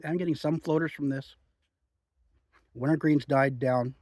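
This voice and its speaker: A man chatting in a relaxed, rambling way outdoors in the woods while reviewing a chew. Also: a little high, unhurried, dry recording. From Oregon. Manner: chatty, relaxed, frequent "um" and "you know". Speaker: outdoor vlogger reviewing chewing tobacco. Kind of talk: rambling casual monologue.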